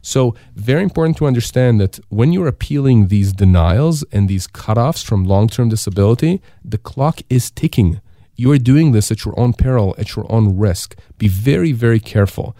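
A man's voice: mid-range voice, lively intonation, moderate pace, warm tone, no room sound, studio quality. A middle-aged man, a lawyer from Canada, giving emphatic advice on a radio talk show and asking himself questions to drive points home. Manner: emphatic, repeats rhetorical questions. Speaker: disability insurance lawyer, guest.

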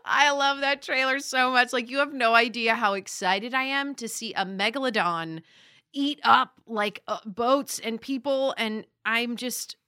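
A woman from Las Vegas, an actor and comedian, chatting as a podcast guest in a bubbly, excitable way and laughing often. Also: on the high side, a little slow, clear, resonant tone, no room sound, studio quality. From Las Vegas, United States. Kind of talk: casual podcast chat.

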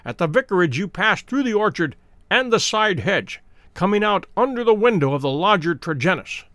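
A man voicing a calm, commanding detective who speaks in a precise, measured way. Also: high voice, no room sound. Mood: stern.

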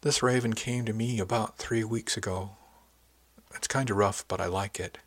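Hesitant frightened young wife, low husky voice, as a male narrator reads her lines. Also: steady tone, moderate pace, no echo, lightly acted.

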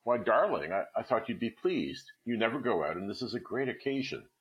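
A man's voice: fairly low pitch, lively intonation, fairly quick, muffled recording, voice pushed up, close to an everyday voice. A man voicing a timid, eager-to-please clerk husband in a storybook reading, stammering anxiously. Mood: pleading.

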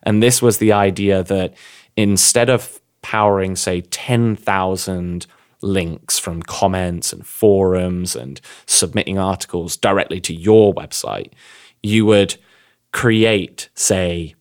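Deep-voiced English man, chatty. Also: clear, resonant tone. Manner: rambling, animated storytelling with quick asides. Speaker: podcast co-host. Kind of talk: casual conversational podcast.

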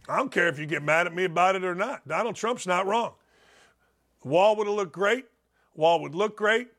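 A man's voice: high-pitched, a bit bright. A man calling in to a talk show with a heated, profane and sarcastic rant. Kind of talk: angry call-in rant.

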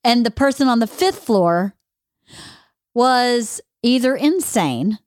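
A woman's voice: fairly high pitch, expressive, slow, a little mellow, no room sound, clean studio sound. A middle-aged woman hosting a podcast, talking casually and reacting often to her guest. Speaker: podcast host. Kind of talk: casual chat.

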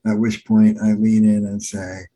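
Animated storytelling man, warm husky voice. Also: lowish voice, a little slow, poor audio. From New Jersey. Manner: animated storyteller, acts out quotes. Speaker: therapist and author. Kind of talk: conversational interview storytelling.

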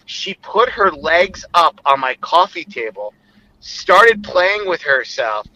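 A man's voice: a little high, big pitch swings, slow, pushed and bright, highs cut off. A man, a former co-host calling in, telling a rambling, crude story full of filler words. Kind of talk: casual storytelling.

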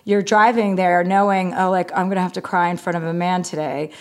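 A woman's voice: on the low side, steady tone, a little fast. A woman comedian talking candidly as an interview guest, self-mocking and frank, with many "like" and "you know" fillers.

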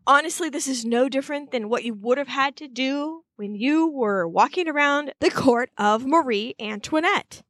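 A woman co-hosting a podcast, telling the story in a chatty, animated way full of asides. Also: high-pitched, no room sound. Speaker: podcast co-host. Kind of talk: casual recap chat.

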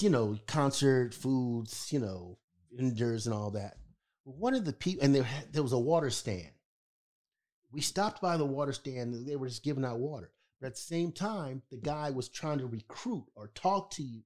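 A man in easy podcast conversation, talking in a middle register with emphatic, animated storytelling. He drives his points home with a repeated "okay?" and lingers on key words. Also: mid-range voice, normal speed. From California. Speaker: podcast co-host. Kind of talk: casual storytelling chat.

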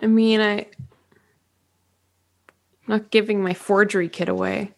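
A woman's voice: mid-range voice, flat delivery, measured pace, vocal fry. A woman playing a tabletop game, chatting in a giggly, defensive way. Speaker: player. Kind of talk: casual game talk.

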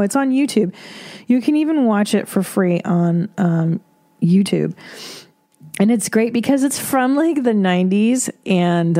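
A woman's voice: mid-range voice, mellow. A woman hosting an advice podcast, talking bluntly in a casual monologue, swearing freely and laughing between points. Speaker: podcast host giving advice.

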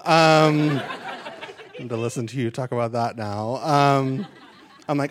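A man's voice: medium pitch, a little slow, long pauses, a little hiss or hum. A man doing a stand-up comedy set on a live stage into a handheld mic, chatty and self-deprecating with lots of asides.

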